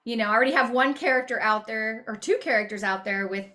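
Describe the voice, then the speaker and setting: Chatty young woman guest, bright and forceful tone, laughs easily. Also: on the high side. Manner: chatty, laughs often, quick asides. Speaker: voice actor guest. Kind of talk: casual interview chat.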